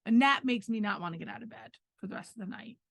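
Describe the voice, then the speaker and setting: Middle-aged woman, slightly high voice, firm and matter-of-fact, dry close mic. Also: fast talker, creaky, no room sound. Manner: firm, matter-of-fact, defends her point. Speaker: podcast co-host. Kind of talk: casual chat.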